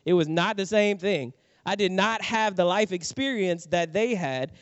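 A middle-aged male preacher tells a personal story in his sermon, acting out the voices in the tale. His voice sits a little high for a man. The sound is dry and somewhat muffled. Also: normal speed, no room sound. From New Orleans, USA. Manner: animated storyteller, acts out quotes. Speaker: pastor.

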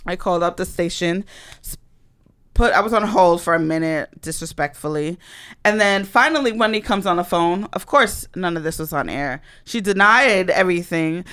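A woman telling a personal story in a casual monologue, animated and blunt, with dramatic emphasis and swearing. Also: lowish voice, moderate pace, smooth.

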